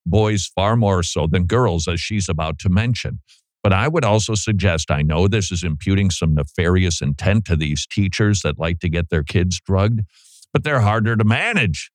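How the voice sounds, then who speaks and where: A man's voice: low-pitched, lively intonation, moderate pace, no echo. A man hosting a radio talk show, commenting on played clips with sarcastic, joking asides. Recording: dry studio sound.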